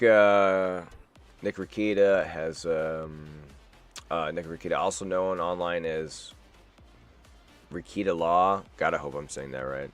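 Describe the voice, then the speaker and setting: A man hosting a live stream, reacting to news in a rambling, wisecracking way and swearing freely. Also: low-pitched. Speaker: streamer host.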